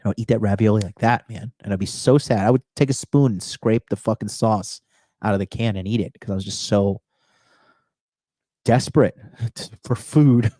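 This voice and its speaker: A man's voice: fairly low pitch, steady tone, brisk, dark tone, dry recording, studio quality. A man streaming live as a dating coach, giving profane, emphatic advice and reading chat, repeating lines for punch. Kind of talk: livestream monologue reading chat.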